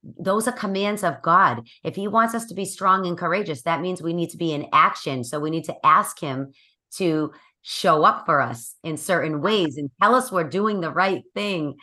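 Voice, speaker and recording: A woman's voice: fairly low pitch, normal speed, bright, forceful tone. A woman podcast host giving earnest, encouraging faith-based talk in the manner of a coach. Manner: earnest and exhorting, speaks like a coach.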